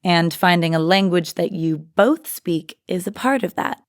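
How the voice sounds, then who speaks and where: A woman with a fairly low voice co-hosts a scripted language lesson, walking through each phrase in a friendly, explanatory way. The sound is dry and close to the mic. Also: measured pace, dry recording. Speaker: language teacher and co-host.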